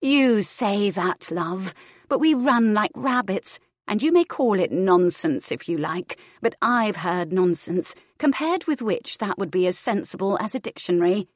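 A woman voicing a haunted young twin woman who speaks in a raspy, riddling way. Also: medium pitch, expressive, a little slow, no echo, studio quality. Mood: portentous. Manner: quotes riddles in a lilting, portentous way.

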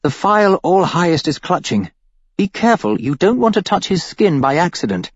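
A man's voice: sits high, very animated, normal speed, slightly rough, no echo, dull audio, pitched above the performer's own voice, full character voice. A man voicing a scheming cult leader woman. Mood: wheedling. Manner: pleading yet manipulative.

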